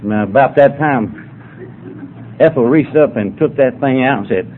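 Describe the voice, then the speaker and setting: Older male storyteller, folksy drawl, mid-pitched; lo-fi, phone-like capture. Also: a little slow, pauses often. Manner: folksy, drawling yarn-spinner. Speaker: speaker at a sobriety meeting. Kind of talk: humorous storytelling to an audience. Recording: tinny phone-like recording, faint noise.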